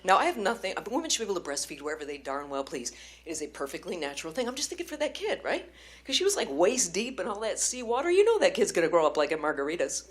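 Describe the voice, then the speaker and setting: Animated woman stand-up comic. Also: on the low side, quick pace, slight background noise. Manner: chatty, animated storytelling. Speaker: stand-up comedian. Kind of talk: stand-up comedy set.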